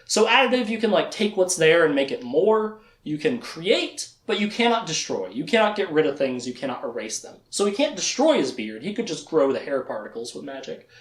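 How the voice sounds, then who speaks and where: A man hosting a podcast and casually recapping a book, acting out the characters' lines in quick quoted voices. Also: a little high, very animated. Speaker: podcast host. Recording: echoey room.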